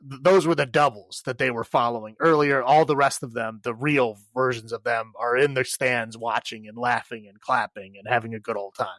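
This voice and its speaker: A man's voice: medium pitch, fairly bright tone, no room sound. A man co-hosting a podcast, casually recapping a film in a rambling way, full of filler words and laughs. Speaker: podcast co-host.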